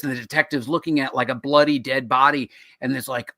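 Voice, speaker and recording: A man's voice: mid-range voice, quick pace, hardly any pauses, dry recording, clean studio sound. A man co-hosting a show on writing comics, explaining in casual chat and acting out quoted reactions. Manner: animated, acts out quoted reactions.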